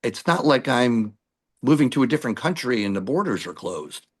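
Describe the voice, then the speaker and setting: A middle-aged male musician telling lively stories in an interview, acting out what people said to him. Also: medium pitch, moderate pace, slightly rough. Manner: animated anecdotes with acted-out quotes. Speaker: musician guest. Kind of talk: storytelling interview.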